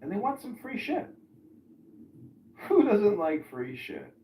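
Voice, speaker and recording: Brief: male podcast host, lively swinging pitch, loose and profane; roomy room, distant mic. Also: takes it slowly, slight background noise. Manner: animated storyteller, swears freely. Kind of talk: casual chat.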